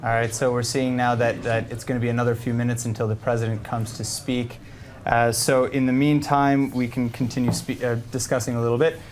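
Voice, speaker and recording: A man's voice: medium pitch, level tone, fairly quick. Male news host moderating a live panel. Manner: hesitant, with frequent restarts.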